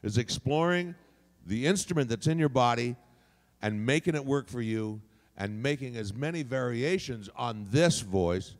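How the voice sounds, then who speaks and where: This man's mid-range, expressive voice carries at a moderate pace through a convention hall with long reverb. Teaching voice acting on a panel, he demonstrates as he goes, shifting where he places his voice.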